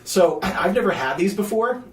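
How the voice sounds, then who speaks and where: A man's voice: high-pitched, lively intonation, normal speed, distant mic, crowd noise. A man hosting a podcast in playful casual chat, steering the talk and restarting his words often. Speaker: podcast host. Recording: roomy, set back from the mic.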